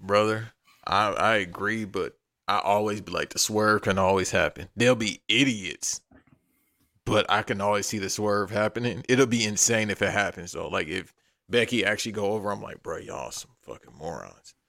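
A man's voice: lowish voice, steady tone, moderate pace, bright, forceful tone, no echo, studio quality. A man co-hosting a casual wrestling chat, blunt, profane and opinionated.

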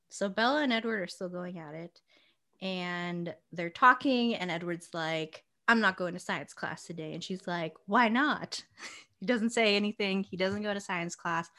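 A young woman co-hosting a casual book chat, laughing often and acting out characters' lines. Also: medium pitch. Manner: giggly, animated, acts out characters' lines. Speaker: podcast co-host.

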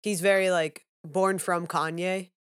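A woman's voice: lowish voice, flat delivery, a little slow, fairly bright tone, smooth. A woman co-hosting a podcast in casual, joking chat. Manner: chatty, joking. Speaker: podcast co-host.

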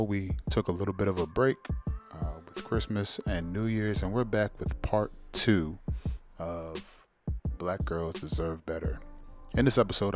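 A man hosting a podcast, giving a casual and upbeat introduction full of slang. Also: low voice. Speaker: podcast host. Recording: intro over clear music.

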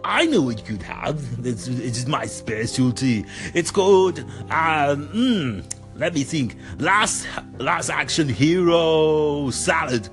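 A man's voice: fairly high pitch, lively intonation, slow pace, soft background music. A man putting on an impression of a famous action star as a chef who barks orders at his kitchen staff. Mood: proud. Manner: barking commands.

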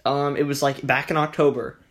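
A man's voice: medium pitch, little pitch movement, a little fast, fairly bright tone. A young man hosting a casual podcast chat, easygoing and amused. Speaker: podcast host.

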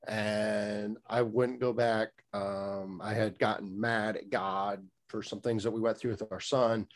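A man's voice: lowish voice, level tone, measured pace. A middle-aged man telling a candid personal story as a guest, rambling with many fillers and restarts, blunt and a little profane.

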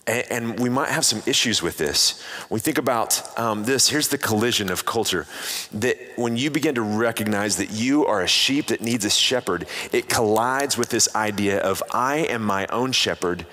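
A man's voice: fairly low pitch, normal speed, bright, forceful tone. Man preaching in a reverberant hall. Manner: conversational, with frequent fillers and restarts. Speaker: pastor. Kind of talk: sermon.

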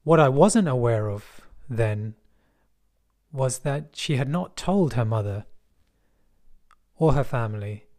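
Wry, measured West London storyteller man. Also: mid-range voice, lively intonation, a little mellow. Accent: West London English. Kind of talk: personal storytelling.

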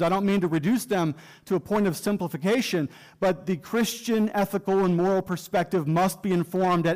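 A man with a high voice preaches to a gathered room in a teaching sermon. He speaks earnestly and deliberately, drawing out the words he wants to stress. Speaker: pastor teaching a class. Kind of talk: sermon lecture. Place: church room with audience.

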